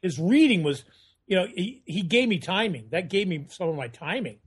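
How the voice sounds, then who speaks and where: A man's voice: high voice, moderate pace, slightly rough. A middle-aged man, a guest actor, telling stories in a casual podcast chat and slipping into voices as he goes. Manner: animated storyteller, doing voices in anecdotes.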